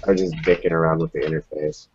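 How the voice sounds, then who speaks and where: A man's voice: a bass voice, level tone, fast talker, muffled recording, background noise. A man chatting casually in a group video call, offhand and teasing. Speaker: hangout participant.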